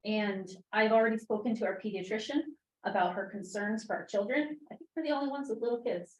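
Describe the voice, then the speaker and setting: A woman's voice: a little high, quick pace. A young mother speaking at a town meeting public comment, emotional and near tears. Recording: echoey meeting room, distant mic.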